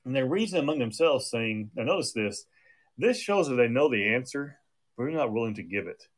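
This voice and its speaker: A man's voice: mid-range voice, expressive, fairly quick. A man preaching a sermon in a conversational way, often restarting his sentences, with an occasional cough. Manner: conversational with frequent restarts and fillers.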